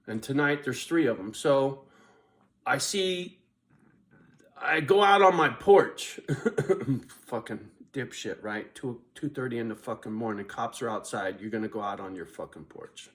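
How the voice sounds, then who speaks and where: A man's voice: mid-range voice, animated, unhurried. Rambling, foul-mouthed man telling a story. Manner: rambling, swears constantly, laughs at himself. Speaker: vlogger. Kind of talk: casual profane storytelling.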